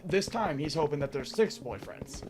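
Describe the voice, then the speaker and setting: Animated, exasperated live streamer. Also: mid-range voice, normal speed, background noise. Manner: animated, exasperated teasing rant with swearing. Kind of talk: casual live-stream chat.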